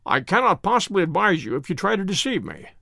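A man's voice: high voice, sing-song, fast, gravelly, bright, forceful tone, no room sound, clean studio sound, full character voice. A man voicing a cool, stern detective who speaks tersely. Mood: curt. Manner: curt and cold.

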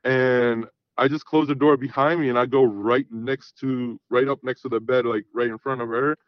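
A man's voice: mid-range voice, fairly even intonation, normal speed, no echo. A man telling a long personal story in casual, rambling talk, full of swearing and "I'm like" asides. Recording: dull lo-fi sound.

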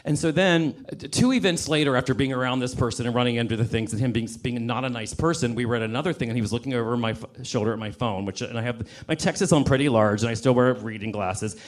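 A man's voice: medium pitch, fast, hardly any pauses. A man in his fifties telling a sassy, campy, impassioned story on a comedy club stage. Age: 50s. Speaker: comedian and writer. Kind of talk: stand-up storytelling rant.

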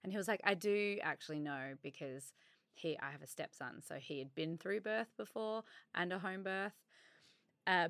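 A woman's voice: deep voice, gravelly, a bit bright, dry recording. A woman co-hosting a podcast in casual chat, speaking in an earnest, emotional and sympathetic way. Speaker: podcast co-host.

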